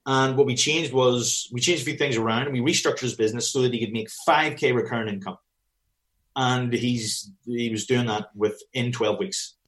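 A man's voice: medium pitch, moderate pace, a bit bright. A man with a mid-range voice talks as a business coach for personal trainers, blunt and given to swearing. He acts out snatches of dialogue as he goes, in a casual, straight-talking chat.

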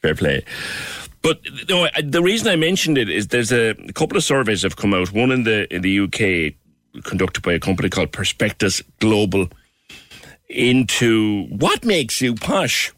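Male radio host, lowish voice, lively pitch swings, chatty and wry, dry close mic. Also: no room sound. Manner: chatty, self-mocking, halting restarts. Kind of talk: casual radio chat with listener messages.

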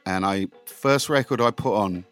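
A middle-aged man, a DJ guest telling animated anecdotes in casual chat and acting out the people in them. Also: fairly low pitch, moderate pace, clear, resonant tone, soft background music. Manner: animated, swearing, acts out voices in anecdotes.

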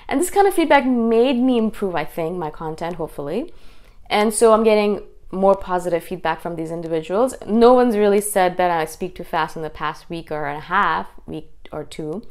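A woman talking fast and intensely as the host of her own video channel, in a casual monologue. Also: medium pitch. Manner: fast, intense, animated delivery. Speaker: YouTube host.

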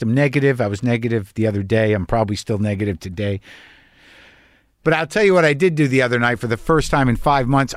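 A man's voice: mid-range voice, no room sound, studio quality. A man in his fifties from New Mexico, hosting a show with a casual, wry, confessional monologue full of swearing. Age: 50s. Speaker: podcast host.

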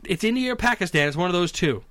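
A man's voice: sits high, fast talker, dry recording. A man telling a story in casual, profane, comedic chat as a podcast co-host. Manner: animated, profane, conversational.

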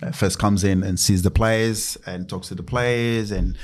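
A man in his thirties talks casually with a fairly low voice, telling dressing-room stories. He swings between mumbled asides and loud acted-out quotes. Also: a little slow. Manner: animated, acts out quotes in raised voice. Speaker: guest, former footballer. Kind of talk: casual interview storytelling.

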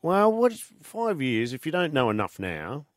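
A man's voice: on the high side, wildly swooping pitch, moderate pace, no room sound, studio quality. A man, a podcast guest, telling stories and teasing the others in casual, pushy banter.

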